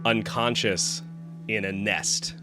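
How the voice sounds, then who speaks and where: A man narrating a tabletop game as game master, describing scenes in a measured way and calling for dice checks. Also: on the low side, fairly even intonation, music in the background. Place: online stream.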